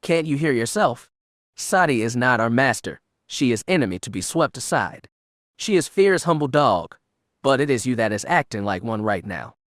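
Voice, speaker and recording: A man's voice: mid-range voice, sing-song, moderate pace, a bit bright, no echo, clean studio sound. A man voicing a steely Sith inquisitor woman. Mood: firm. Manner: firm, scornful. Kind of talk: audiobook character reading.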